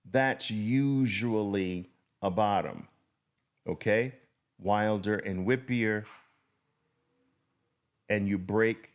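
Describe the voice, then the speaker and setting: A middle-aged man teaching chart patterns, speaking deliberately and repeating key words for emphasis as he draws. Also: mid-range voice. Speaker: trading educator. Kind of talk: chart-drawing lesson.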